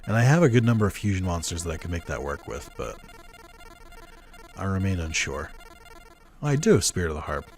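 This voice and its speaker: A young man talks through his game in a relaxed, offhand let's-play style, thinking aloud as he goes. His voice sits low, and faint game music plays quietly behind it. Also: brisk, long pauses. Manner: laid-back, musing aloud, chuckling. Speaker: gamer. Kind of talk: casual let's-play commentary.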